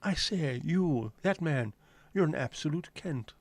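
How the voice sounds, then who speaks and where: Guy doing a plummy pompous posh toff, higher than his own voice, sniffy and affected. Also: lively intonation, measured pace, dry recording. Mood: haughty. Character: pompous posh upper-class Englishman, haughty.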